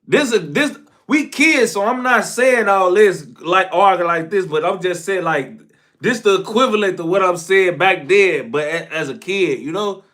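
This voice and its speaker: A man telling a casual story, slang-heavy and profane, jumping from shouted outbursts to low mumbled asides. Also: expressive, moderate pace.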